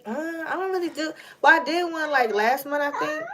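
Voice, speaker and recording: A high-pitched woman chats loosely into her phone during a livestream. She laughs often and keeps turning aside to talk to her kids. Her talk is loose and playful, full of fillers. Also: expressive, normal speed, noisy background. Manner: laughs often, chatty, talks to her kids between remarks. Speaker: vlogger and mother. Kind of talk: casual chat to a livestream.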